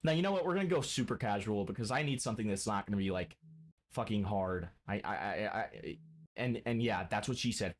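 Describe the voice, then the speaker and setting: A man's voice: on the low side, expressive, fairly quick. A man streaming games, swearing and ranting in a mock-angry way at his chat and friends. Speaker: game streamer. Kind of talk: casual live-stream chat.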